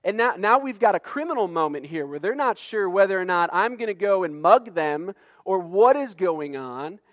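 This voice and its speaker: A man's voice: sits high, animated, normal speed, a bit bright, no echo. A middle-aged man, a pastor preaching a sermon in an earnest, conversational way, mixing scripture with personal stories and stumbling restarts.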